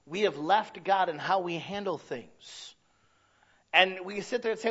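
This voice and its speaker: High-voiced pastor preaching with plain humor. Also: male voice, animated, moderate pace, slightly rough. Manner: conversational, plainspoken, with self-deprecating humor. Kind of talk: sermon. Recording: slightly dull lo-fi sound.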